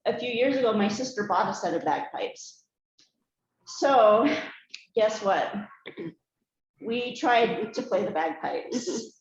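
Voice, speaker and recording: A woman's voice: medium pitch, animated, slow, pauses often. A woman giving a cheerful, folksy speech to a group about her family traditions. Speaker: speaker giving a family talk. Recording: echoey room, slightly dull sound, faint noise.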